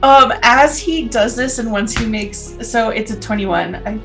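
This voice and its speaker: A woman's voice: on the high side, unhurried, a bit bright, soft background music. A woman playing a tabletop game and talking casually, with frequent ums. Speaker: player.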